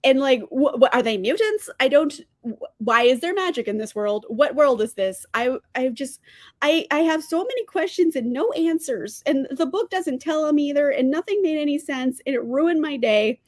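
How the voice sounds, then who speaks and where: A woman's voice: high-pitched, lively intonation, moderate pace, dry recording, clean studio sound. A young woman hosting a casual live-stream book review, ranting in exasperation, swearing freely and laughing often. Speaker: book channel host. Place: indoors at home, sipping from a mug.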